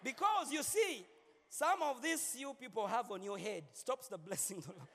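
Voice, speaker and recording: A man's voice: very high-pitched, lively intonation, moderate pace, fairly bright tone. A man preaching as a pastor, playful and joking with his congregation, repeating words as he preaches in a large church. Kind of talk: sermon. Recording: long hall reverb.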